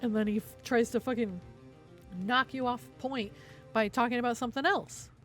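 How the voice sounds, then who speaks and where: A young woman streamer rants in angry, sarcastic bursts, swearing constantly and sounding proudly petty. Her voice sits a touch higher than most. Faint background music plays under her talk. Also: fairly even intonation, moderate pace, fairly bright tone. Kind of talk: ranting commentary on stream.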